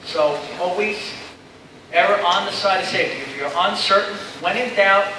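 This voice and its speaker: A man's voice: sits high, moderate pace. A middle-aged man giving an informal safety seminar to pilots, chatty and joking as he rambles through stories. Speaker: seminar speaker. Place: seminar room with audience. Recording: echoey room from far off, noisy.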